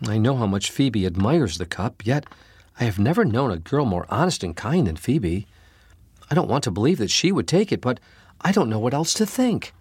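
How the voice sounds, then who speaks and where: A man voicing a gentle, worried mother in a storybook reading, speaking softly and earnestly, a little above his own pitch. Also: big pitch swings, normal speed, breathy edge, no echo. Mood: troubled.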